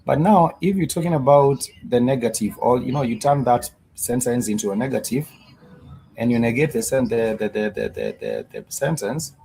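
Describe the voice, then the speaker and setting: A man teaching a live-streamed Swahili grammar lesson, explaining slowly and repeating himself with many fillers and restarts. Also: medium pitch, sing-song, vocal fry, mellow, slight background noise, low-quality recording.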